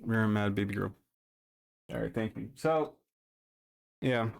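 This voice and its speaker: A man's voice: fairly low pitch, slow, gravelly. A man streaming live in casual chat, rambling and swearing freely into his desk microphone. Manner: rambling and heavily profane.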